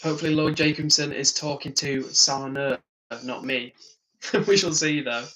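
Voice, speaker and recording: A man's voice: fairly high pitch, steady tone, measured pace, bright, forceful tone, low-quality recording. A tired, yawning man hosting a live stream, reading chat comments aloud, chatting casually and laughing often. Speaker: livestream host.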